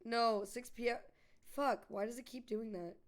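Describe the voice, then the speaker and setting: A woman's voice: fairly high pitch, fairly even intonation, noisy background. A young woman streaming a game, chatting casually with her chat and swearing freely. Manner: swears freely, quick reactive banter with chat. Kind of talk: casual live-stream chat while gaming.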